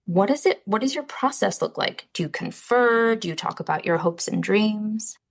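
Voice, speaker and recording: A woman editor hosting an interview, upbeat as she asks brisk questions. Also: mid-range voice, expressive, gravelly. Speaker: editor and host.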